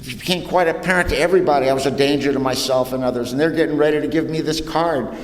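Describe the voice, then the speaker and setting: A man's voice: a little high, quick pace. A man in his sixties telling his own recovery story to an audience in a plainspoken, humorous way, with casual slang. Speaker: recovery meeting speaker. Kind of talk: personal story told to an audience. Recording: roomy hall reverb, faint noise.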